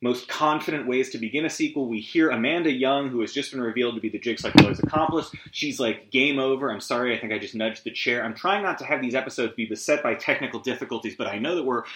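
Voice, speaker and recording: A man's voice: mid-range voice, fast, hardly any pauses, fairly bright tone. Scattered, rambling man in an echoey room. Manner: rambling, scattered, swearing, self-deprecating asides. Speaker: podcast host. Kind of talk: solo movie recap.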